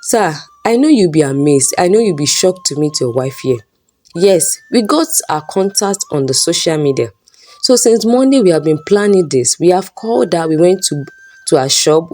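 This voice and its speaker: A woman's voice: on the low side, a little mellow. A woman voicing an earnest young female student who pleads and explains.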